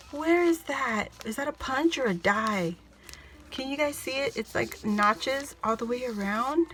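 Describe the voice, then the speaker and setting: A woman's voice: on the high side, fairly bright tone. A woman gushing as she opens a crafty gift package, exclaiming and laughing breathlessly to her viewers. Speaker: craft vlogger opening happy mail. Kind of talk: excited unboxing chat to camera.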